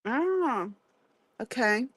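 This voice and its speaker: A woman's voice: fairly high pitch, expressive, very slow, no echo, rough recording. An American woman hosting a live video chat, feisty and chatty, given to ranting and laughing. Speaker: livestream host. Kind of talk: casual chat. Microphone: video call.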